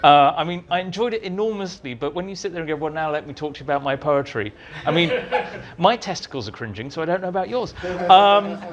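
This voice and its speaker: A man telling lively anecdotes as an interview guest, acting out the dialogue in his stories, in a meeting room with an audience. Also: on the high side, fast, few pauses, dull audio, a little hiss or hum. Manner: animated storyteller, acts out dialogue. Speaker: interviewee, writer.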